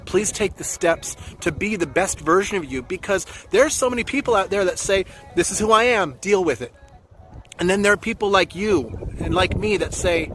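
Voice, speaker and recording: A man's voice: high voice, fairly bright tone. A man speaking as a coach in a casual, earnest and encouraging talk to his viewers, acting out quoted voices as he goes.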